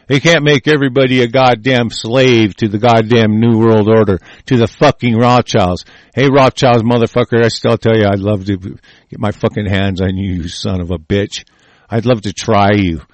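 A man delivering an angry, profane monologue. He swears constantly and stumbles into restarts, swinging between low muttering and raised, shouting anger. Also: fairly even intonation, normal speed, dry recording.

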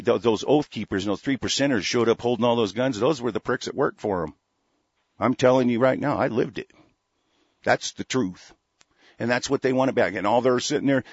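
A man's voice: mid-range voice, no echo. A man from Oregon delivering a fiery, profane, rambling political rant as a talk host. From Oregon, USA. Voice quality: gravelly, husky. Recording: dull lo-fi close mic.

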